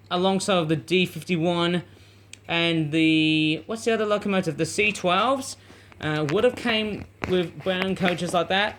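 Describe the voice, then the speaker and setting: A man's voice: sits high, a bit bright, a little hiss or hum. A man, chatting enthusiastically and a little rambly while reviewing and running a toy train. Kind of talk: casual unboxing commentary.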